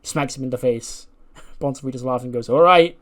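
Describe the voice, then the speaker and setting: Animated man narrating a wrestling sim. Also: mid-range voice, fairly quick. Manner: animated storytelling, acting out characters. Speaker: gaming YouTuber. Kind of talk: recounting a wrestling sim playthrough.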